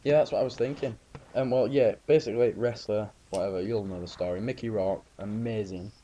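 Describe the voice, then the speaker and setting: Low mellow-voiced man telling stories. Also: steady tone, fairly quick, lo-fi sound, a little hiss or hum. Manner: rambling anecdotal storytelling. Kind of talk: casual chat about films.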